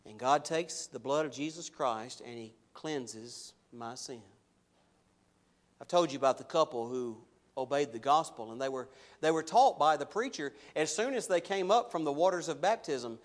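A man preaching a sermon, animated, rising loud when voicing objections and dropping low and slow for solemn points.

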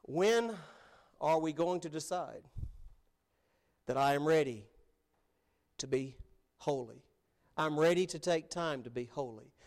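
Male pastor, high voice, earnest sermon delivery with emphatic peaks. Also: lively intonation, takes it slowly, long pauses, a little mellow.

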